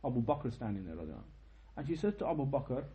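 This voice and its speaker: A young man giving an informal religious lecture, telling a story with lively asides and checking questions to his listeners. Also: mid-range voice, fast, roomy sound, muffled recording. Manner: animated storytelling, tag questions, quotes in Arabic. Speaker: teacher of a history lesson.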